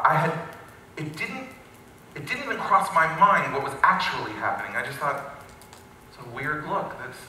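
A male pastor telling a story in a sermon, animated and with wry asides. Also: medium pitch, slight background noise. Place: church sanctuary. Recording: very echoey hall, from a distance.

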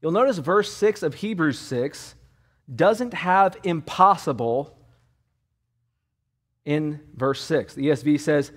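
A man's voice: a little high, expressive, slow pace, long pauses. A man preaching an expository sermon as pastor, emphatic and repeating key words for weight, with a Californian English accent.

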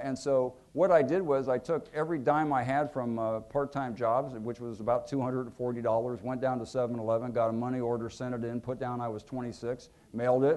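A man in his fifties, an author telling anecdotes to an audience at a museum event, acting out quotes with lively pitch and volume. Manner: animated, acts out quotes with lively shifts in pitch and loudness. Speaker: author giving a book talk.

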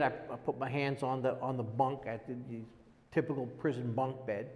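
An older man giving a personal testimony, talking in a halting, rambling way with many restarts. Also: mid-range voice, darkish tone, in a large hall. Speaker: prisoner telling his story.

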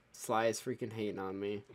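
A man's voice: lowish voice, level tone, moderate pace. A man hosting a casual gaming stream, joking around, swearing and laughing often.

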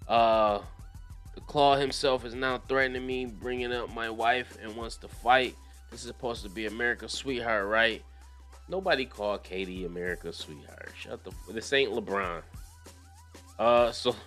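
Young man, low voice, casual profane commentary, laughs a lot, faint music behind. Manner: profane, laughing often, animated riffs. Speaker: commentary channel host. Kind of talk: casual commentary, reading news aloud.

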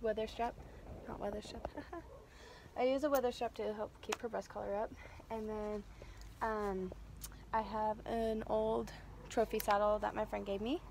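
A woman's voice: medium pitch, level tone, measured pace, gravelly, a little mellow, a little hiss or hum. A young woman with a stuffed-up nose, rambling casually through a vlog with lots of fillers and self-corrections. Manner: rambling, filler-heavy, stops to correct herself. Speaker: vlogger.

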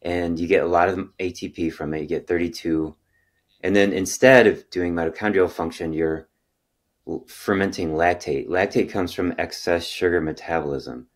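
A middle-aged man, a chiropractor hosting a health interview, explaining at length and telling stories with bursts of excitement and quiet trailing asides. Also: low voice, moderate pace. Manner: animated storyteller, lively when excited, trailing off into quiet asides. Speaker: chiropractor and health podcast host.

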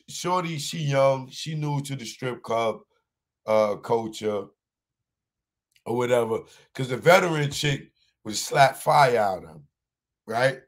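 A man performing live stand-up, telling a long story in slang, with many restarts, and jumping into high shouted voices for the other people in it. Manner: repeats and restarts words, talks in slang. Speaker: stand-up comedian.

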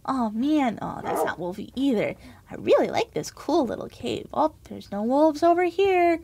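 A woman's voice: high-pitched, very animated, moderate pace, vocal fry, mellow. A woman hosting a kids' game let's-play in a bubbly, exaggerated, sing-song way. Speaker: kids' show host.

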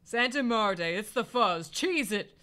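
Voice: medium pitch, expressive, slow, sharp tone. A player voicing a shady, impatient male crocodile dealer while reading a game aloud. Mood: scheming. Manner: gruff, impatient, wheeling-dealing. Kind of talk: reading a game aloud, doing character voices.

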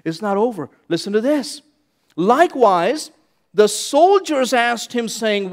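A male pastor preaches with an animated, high-pitched voice. He swings between loud, pressing bursts and sudden hushed lines, repeating key phrases for emphasis. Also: slow. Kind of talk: sermon.

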